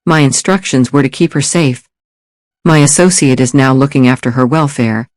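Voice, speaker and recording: A man voicing a calm, courteous former special forces operative with a British accent, speaking softly and formally. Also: medium pitch, moderate pace, no echo, natural voice. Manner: soft-spoken, courteous, formal.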